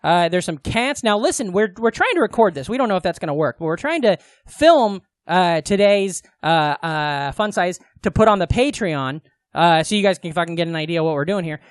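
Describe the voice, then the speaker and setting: A man's voice: high-pitched, animated, moderate pace, clear, resonant tone, dry recording, studio quality. A man co-hosting a comedy podcast, rambling and swearing in casual banter, full of fillers. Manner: rambling, profane, many fillers. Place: small comedy radio studio.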